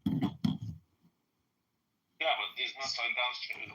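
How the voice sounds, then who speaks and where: A blunt man hosting a live stream and swapping crude banter. His voice is very bright and sharp, at an average pitch. He shrugs off insults with a laugh. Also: animated, moderate pace, low-quality recording.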